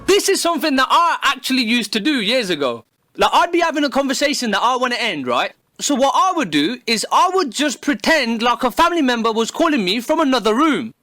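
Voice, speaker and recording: A man's voice: very high voice, very animated, a little fast, bright, forceful tone, no room sound, studio quality, faint music behind. A man delivering a sarcastic, heavily profane comedic monologue, recorded on a phone. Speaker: comedy video creator.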